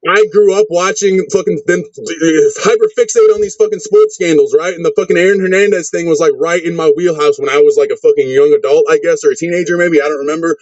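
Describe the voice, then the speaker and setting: A man's voice: fairly high pitch, fairly even intonation, quick pace, hardly any pauses, darkish tone, dry recording. A man in his thirties, a wrestler, rambling in a casual interview and swearing constantly. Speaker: wrestler, podcast guest. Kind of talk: casual profane interview chat. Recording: dull lo-fi sound.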